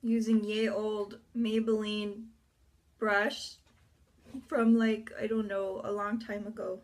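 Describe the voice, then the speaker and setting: A woman's voice: mid-range voice, level tone, takes it slowly. A woman chatting through a makeup tutorial at home in front of her mirror, rambling with offhand asides and muttered whispers. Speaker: beauty vlogger.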